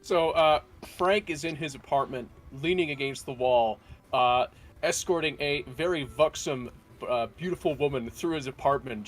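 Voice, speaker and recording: A man playing a tabletop game, narrating his character's scene in an animated way. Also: fairly high pitch. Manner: animated, laughing storytelling. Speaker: player.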